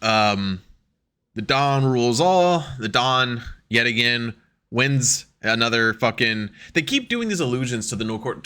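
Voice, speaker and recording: A man co-hosting a podcast in casual chat, talking excitedly and profanely and acting out quotes as he goes. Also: on the low side. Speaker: podcast co-host.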